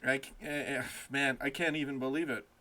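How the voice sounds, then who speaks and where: A man hosting a casual football live stream from home, excitable, swearing and laughing as he chats. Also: medium pitch, brisk.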